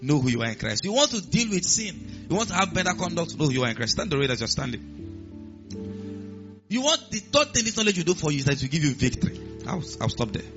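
A man preaching with a higher voice that swings up and down, emphatic and full of repeated refrains. The recording sounds muffled, with clear music playing behind him. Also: very animated, fast. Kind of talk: sermon. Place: church.

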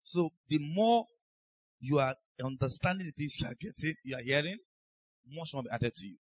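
A Nigerian-accented male pastor preaching with emphasis, his voice sitting a little high. He slips into the voices of the people he quotes. The sound is dry and a bit dull, like a lo-fi recording. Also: brisk, dry recording. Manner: emphatic, acts out quoted speakers. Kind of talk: sermon.

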